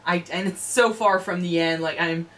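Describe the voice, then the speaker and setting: A woman hosting an anime reaction chat, animated, swearing freely and restarting her sentences. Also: lowish voice, normal speed, poor audio.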